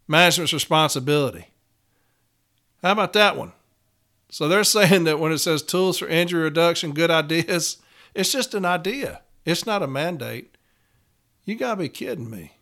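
A man's voice: on the high side, expressive, normal speed, gravelly, long pauses, sharp tone. A man, a union steward talking blunt and profane in a casual podcast monologue, getting fired up.

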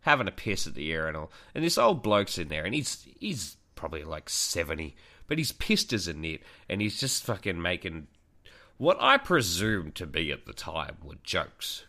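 Speaking at a normal speed, a young male podcast co-host uses a low, pushed, bright voice with big swings in pitch. His talk is a rambling, crude story packed with swearing.

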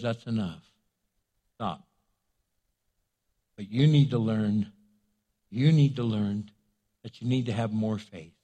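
A man pastor preaching a sermon in an animated, jokey way. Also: a little high.

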